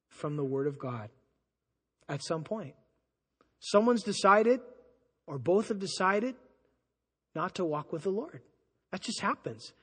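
High-voiced husky pastor in a reverberant hall. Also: male voice. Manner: conversational, animated, acts out quoted people. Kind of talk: sermon.

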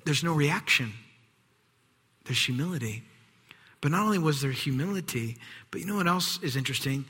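A man preaching a sermon in a hall with long reverb. His voice is bright and husky. He talks with animation, acting out the voices he quotes and dropping at times to a hushed whisper. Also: fairly high pitch, expressive, moderate pace. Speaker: pastor.

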